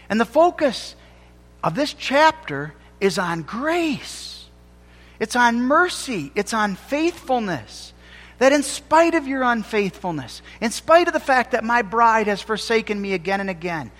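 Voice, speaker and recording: A man preaching a sermon as pastor, emphatic, slowing down to stress key phrases. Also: high-pitched, fairly bright tone, big-room sound.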